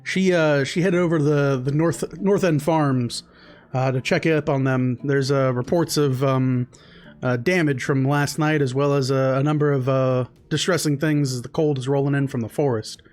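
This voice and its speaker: A man's voice: mid-range voice, fairly even intonation, normal speed, darkish tone, faint music behind, lightly acted. A man voicing a polite middle-aged male deputy to a warden, courteous and rambling with fillers.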